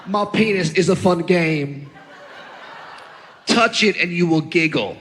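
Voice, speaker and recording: A man's voice: high-pitched, takes it slowly, a bit bright, slight background noise. A man voicing his three-year-old son as a playful, blunt little boy who draws out his words in sing-song toddler talk, in a stand-up set. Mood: singsong.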